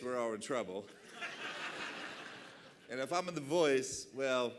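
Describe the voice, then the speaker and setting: A middle-aged man from Boston, USA, with a Boston accent, speaks at medium pitch over a noisy background. He's the keynote speaker at an awards dinner in a banquet hall, delivering a passionate, animated, chatty speech full of asides.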